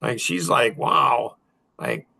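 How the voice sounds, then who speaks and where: Podcast host, man, 60s, blunt and preachy, bright voice. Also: fairly low pitch, sing-song, takes it slowly, creaky. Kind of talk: casual podcast talk.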